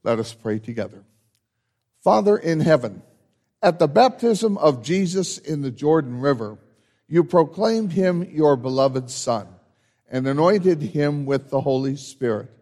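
A man serving as pastor, giving church announcements and then leading a confession and absolution in a measured, solemn way. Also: on the high side. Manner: measured, solemn liturgical delivery with lively rises.

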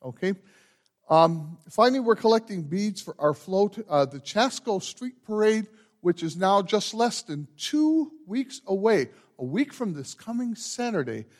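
A pastor leads his congregation through a traditional liturgy in a measured, solemn way. His voice sits high for a man and moves widely in pitch as he calls out each line. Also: big pitch swings. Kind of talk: liturgical church service.

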